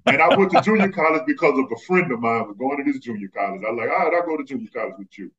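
A man from Texas, a former basketball player, telling animated stories as a podcast guest and acting out the people he quotes. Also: mid-range voice, rapid-fire. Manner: animated, acts out quoted voices. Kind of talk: casual storytelling. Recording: slightly muffled lo-fi audio.

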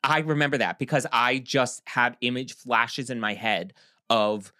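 A man co-hosting a casual chat, talking in an animated, gossipy way and jumping in often. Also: medium pitch, no echo, clean studio sound. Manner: animated, gossipy, quick to jump in. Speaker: podcast co-host.

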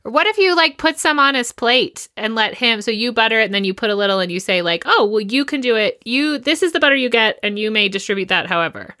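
A woman's voice: on the high side, expressive, quick pace, hardly any pauses, pushed and bright. A woman co-hosting a parenting podcast, chatting in a friendly, laughing way. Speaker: podcast co-host. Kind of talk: casual chat.

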